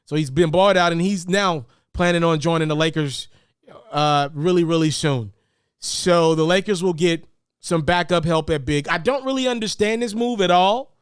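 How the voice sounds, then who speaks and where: A man giving casual, animated basketball commentary, often repeating words and jumping up in pitch for emphasis. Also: moderate pace, clear, resonant tone, no echo, clean studio sound.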